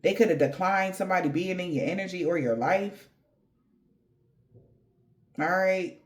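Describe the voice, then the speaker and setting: A woman's voice: lowish voice, normal speed. A woman giving a casual tarot reading, rambling in slangy talk addressed straight to the viewer. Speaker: tarot reader.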